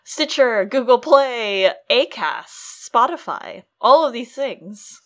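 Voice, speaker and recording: A woman's voice: fairly high pitch, lively intonation, takes it slowly, fairly bright tone. A woman co-hosting a podcast, chatting casually and eagerly thinking aloud. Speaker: podcast co-host.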